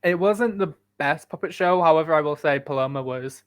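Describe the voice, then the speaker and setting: A British man co-hosts a podcast in relaxed, chatty talk. He drops dry, sarcastic asides. His voice sits a little high for a man. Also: fairly quick, smooth. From United Kingdom. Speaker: podcast co-host. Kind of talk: casual chat.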